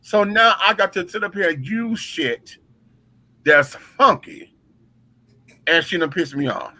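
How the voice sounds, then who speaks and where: A man with a bright, forceful voice tells a backstage story with dramatic flair and a lot of profanity. He speaks with features. His pitch sits a little high for a man. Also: expressive, unhurried, dry recording, poor audio. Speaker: drag performer telling a story. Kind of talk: casual storytelling chat.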